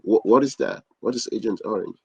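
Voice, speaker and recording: A man's voice: on the low side, a little fast, darkish tone, a little hiss or hum. A man hosting a podcast interview, asking short, polite questions. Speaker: podcast host. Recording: dull lo-fi, dry sound.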